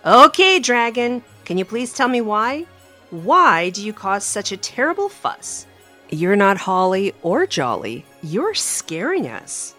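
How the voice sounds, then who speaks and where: A woman's voice: big pitch swings, slow pace, pushed and bright, faint music behind, full character voice. A woman doing a bold eight-year-old boy knight. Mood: bold, scolding. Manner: whiny then bold, high-pitched.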